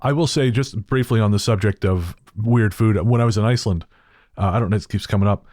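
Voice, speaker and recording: A man co-hosting a podcast in relaxed casual chat, rambling a little and laughing readily. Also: lowish voice, brisk, no room sound, studio quality. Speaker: podcast co-host.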